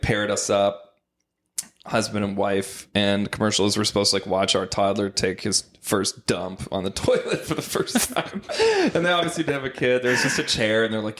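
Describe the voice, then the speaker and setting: A man hosting a podcast, casually telling an audition story and acting out the people in it. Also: fairly low pitch. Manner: animated storyteller, acts out voices in anecdotes. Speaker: podcast host.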